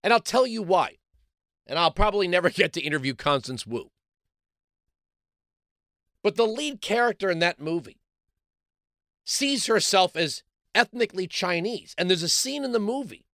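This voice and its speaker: A man's voice: high-pitched, fairly bright tone, dry recording, clean studio sound. A middle-aged man, hosting a talk show and delivering an opinionated monologue full of rhetorical questions. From New York City. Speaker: radio talk show host.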